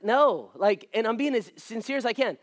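Brief: male pastor, thirties, high voice, dry close sound, comic sermon story. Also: moderate pace, no echo. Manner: animated, self-mocking, acts out voices.

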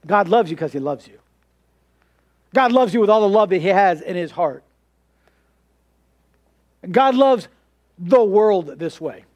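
High-voiced conversational male preacher. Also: lively intonation, a little slow, long pauses, darkish tone. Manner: conversational preaching with repeated words and rhetorical questions. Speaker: pastor. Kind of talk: sermon.

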